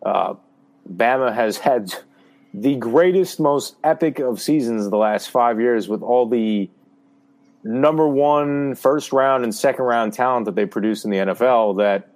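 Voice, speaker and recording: A man co-hosting a casual sports podcast, matter-of-fact and quick to push back in the debate. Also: mid-range voice, a little mellow.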